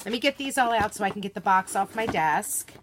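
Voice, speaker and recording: A woman's voice: medium pitch, lively intonation, fairly quick, background noise. A woman hosting a live craft unboxing stream, bubbly and gushing, greeting viewers by name in casual chat from her desk at home.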